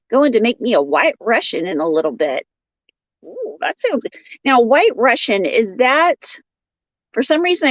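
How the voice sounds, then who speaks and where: A playful woman hosts a crafting livestream, greeting viewers by name and laughing between comments. Her voice sits a little high and swoops all over the place as she talks. It comes through dry and slightly dull, like a lo-fi phone stream. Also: no room sound. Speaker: crochet livestream host. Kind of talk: casual livestream chat, reading viewer comments. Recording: dull lo-fi sound.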